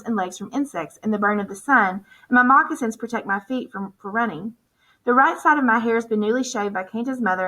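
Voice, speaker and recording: A woman narrating a novel in the first person as an audiobook narrator, in a steady, measured storytelling voice. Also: on the high side, rough recording.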